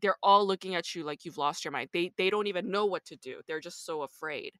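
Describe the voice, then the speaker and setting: Bright-voiced woman hosting a podcast. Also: fairly low pitch, a little fast, no room sound, clean studio sound. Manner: poses playful hypothetical scenarios. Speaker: podcast host. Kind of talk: casual podcast chat.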